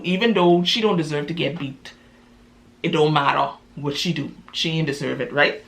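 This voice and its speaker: A woman's voice: low voice, moderate pace, vocal fry. A woman telling a story in a chatty, casual way, full of "you know" and "right?".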